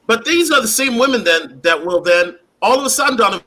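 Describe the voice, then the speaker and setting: A man speaking as a panelist on a livestream, animated and often addressing the host. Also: sits high, fast talker.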